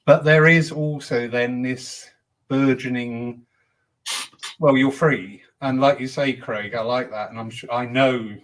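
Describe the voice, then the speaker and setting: Man, host, casual chat, chatty, mid pitch. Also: fairly even intonation, unhurried, fairly bright tone, poor audio. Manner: chatty, acts out quoted voices. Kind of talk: casual panel discussion.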